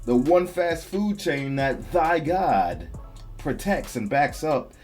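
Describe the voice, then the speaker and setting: A man's voice: a little high, lively intonation, slow pace, a little mellow, faint music behind. A young man hosting a reaction video, chatting casually and laughing often as he talks back at a clip.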